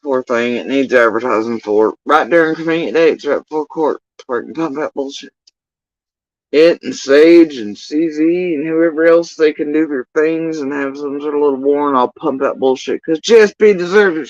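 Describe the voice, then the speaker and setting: A man's voice: fairly high pitch, moderate pace, dry recording, dull audio. A man ranting on a livestream in an exasperated, profane, rambling way. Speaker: livestream commentator.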